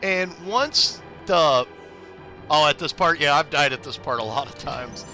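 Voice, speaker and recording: Streaming a game live, this young man keeps his casual commentary chatty and upbeat, calling out viewers by name while sharing tips. He sounds a little high and sharp, with lively intonation and an unhurried pace, over faint background music.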